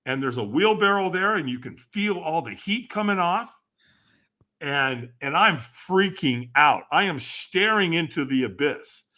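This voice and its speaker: A man guesting on a podcast, telling a story with animated energy and acting out the dialogue. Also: a little high, measured pace. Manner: acts out quoted dialogue, emphatic and lively.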